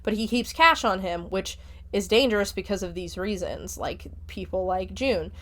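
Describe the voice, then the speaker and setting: A woman hosting a podcast walks through a book's plot in a relaxed, rambling way and leans on fillers as she goes. Her voice sits in an ordinary middle pitch for a woman. She sounds like she is chatting rather than reading from a script. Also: normal speed. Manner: chatty, filler-heavy retelling. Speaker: podcast host reviewing a book. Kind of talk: casual spoken plot summary.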